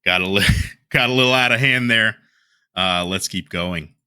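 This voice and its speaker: A man's voice: fairly low pitch, normal speed, pushed and bright, clear, resonant tone, no echo. A man delivering heated commentary as a YouTuber, ranting and trading insults.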